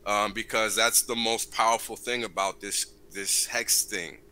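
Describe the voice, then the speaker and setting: A very low-pitched man with a tense, bright tone speaks as a livestream guest. He is earnest and sincere, and he pads his sentences with "um" and "right?". Faint noise runs underneath his voice. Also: steady tone, rough recording. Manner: earnest, fills pauses with "um" and "right?". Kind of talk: casual livestream chat.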